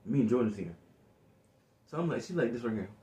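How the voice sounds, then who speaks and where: A man's voice: mid-range voice, animated, fast, mellow, far from the mic. A young man telling a story in casual chat as a vlog co-host, laid back and chuckling, raising his voice when he quotes someone. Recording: echoey room.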